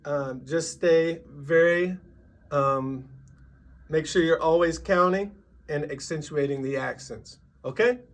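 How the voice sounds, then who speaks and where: A man teaching a drum lesson, patiently explaining and counting sixteenth-note rhythms out loud. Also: a little high, takes it slowly.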